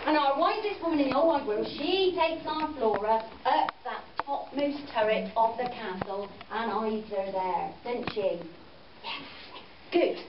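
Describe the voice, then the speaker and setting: A high-voiced woman tells a story to a group of children, her pitch swooping with playful, coaxing questions. She is recorded from a distance in an echoey room with steady background noise, and the sound is dull and muffled. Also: measured pace. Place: farm venue, roomy space.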